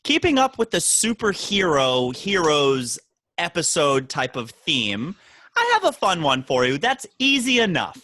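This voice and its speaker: A man with a slightly high voice co-hosts a podcast, telling stories in casual chat at an unhurried pace. He animatedly acts out the voices of the people in them, and the recording is dry.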